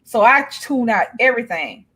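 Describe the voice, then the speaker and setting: A woman's voice: a little high, lively intonation, normal speed, pushed and bright, husky. A woman co-hosting a casual chat, telling stories in a blunt, profane, laughing way. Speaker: co-host.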